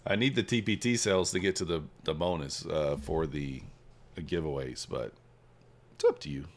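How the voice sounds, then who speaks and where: A man hosting a trading livestream, casually reading and answering viewer chat while he trades, swinging between hyped shout-outs and quiet muttering. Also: a bass voice, normal speed. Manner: hypes viewers, reads chat aloud, shifts from excited shouts to mumbling. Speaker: livestream host, futures trader.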